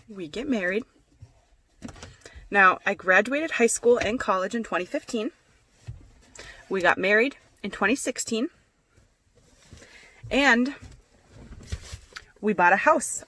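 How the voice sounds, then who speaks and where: A woman's voice: mid-range voice, fairly bright tone, slight background noise. A woman in her twenties, chatty and self-mocking, telling a casual story about her own life for a vlog. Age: 20s. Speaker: vlogger.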